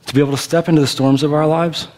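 A man preaching a conversational sermon, animated and playful, acting out the people in the story. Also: a little high, rapid-fire. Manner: animated, conversational, acts out characters' lines. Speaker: pastor. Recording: long reverb of a big hall.

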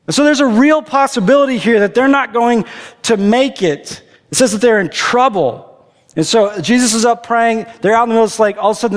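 Man, pastor, casual animated sermon, acts out characters, long hall reverb. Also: high-pitched.

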